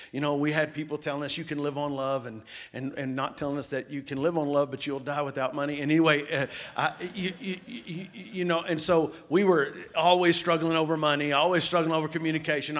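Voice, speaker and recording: A middle-aged man, a pastor, preaches in a voice that is a little high. Telling stories and quizzing the congregation, he swings between bursts of loudness and hushed asides.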